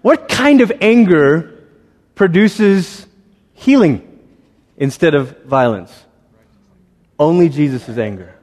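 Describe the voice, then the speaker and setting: A man's voice: a little high, animated, takes it slowly, pauses often, darkish tone. Man preaching with long hall reverb. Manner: conversational, acts out voices. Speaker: pastor. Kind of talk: sermon.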